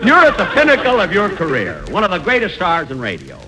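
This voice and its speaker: A man's voice: high-pitched, huge pitch swings, quick pace. A man hosting a 1940s radio comedy, mock-polite and exasperated by turns. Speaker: comedy show host. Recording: 1940s radio broadcast with faint hiss.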